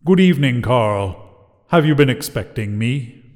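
A man's voice: mid-range voice, expressive, unhurried, a little mellow, in a large hall, natural voice. A man voicing Satan as a suave, menacing adult male, with a melodious, polished and mocking delivery. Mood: smooth.

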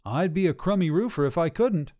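A man's voice: a little high, animated, fairly quick, a little mellow, pitched above the performer's own voice, close to an everyday voice. Man voicing a worried gargoyle roofer. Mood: earnest. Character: worried male gargoyle roofer, earnest and loyal.

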